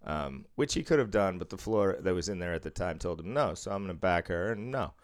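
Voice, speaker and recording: A man's voice: low-pitched, animated, brisk, no room sound, studio quality. A man from the Boston suburbs telling a story in casual chat, acting out quotes and swearing freely. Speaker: podcast co-host, casino worker.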